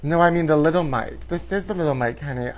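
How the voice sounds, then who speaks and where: A man's voice: on the high side, fast talker, a little mellow, slight background noise. A man hosting a live show from his apartment, chatty and theatrical, sprinkling "honey" through his campy gossip. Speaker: host.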